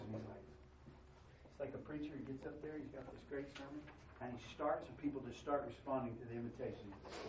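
A man preaching a sermon in a conversational, animated way, acting out quotes in voices. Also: medium pitch, brisk, distant mic, noisy background. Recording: roomy sound from away from the mic.

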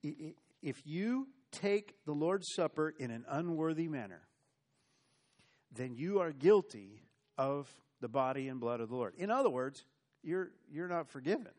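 Earnest higher-voiced male preacher. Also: lively intonation, measured pace, a little mellow. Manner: earnest preaching with repeated stammered restarts and wry asides. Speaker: pastor. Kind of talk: sermon. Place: church.

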